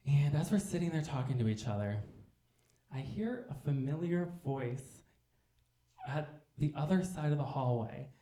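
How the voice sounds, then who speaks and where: A man doing campy, animated stand-up storytelling on a theater stage, acting out the people in his story. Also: on the high side, normal speed. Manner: animated, campy, acts out voices. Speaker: stand-up comedian. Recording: roomy theater sound.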